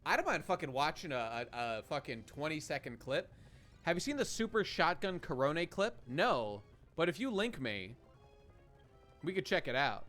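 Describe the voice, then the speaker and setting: A man's voice: a little high, sing-song, moderate pace, a bit bright, faint music behind. Rambling, profane man streaming a game. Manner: rambling and profane, with frequent restarts. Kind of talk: casual live-stream commentary.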